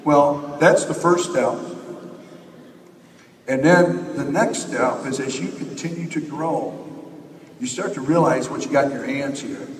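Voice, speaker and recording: A man's voice: medium pitch, a little slow, long pauses, a little hiss or hum. A man giving a rousing, repetitive motivational speech to a conference audience from a stage. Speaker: company leader speaking at a conference. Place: large conference hall. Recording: echoey hall from far off.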